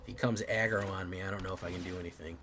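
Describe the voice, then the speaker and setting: Deep-voiced man muttering gameplay commentary. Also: steady tone, rapid-fire, a bit bright. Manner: muttered play-by-play, swears when frustrated. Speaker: streamer playing a card game. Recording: noisy room ambience behind.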